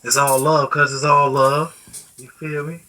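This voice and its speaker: A woman's voice: sits low, little pitch movement, slow pace, bright, forceful tone, rough recording. A woman guest in a casual live-stream chat, laid-back and slangy.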